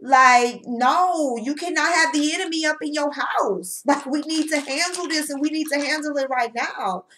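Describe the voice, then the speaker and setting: A woman's voice: sits high, moderate pace, few pauses, bright, forceful tone, slight background noise, pitched above the performer's own voice. Agitated young man, as a woman teacher puts him on. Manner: slangy, urgent, insistent.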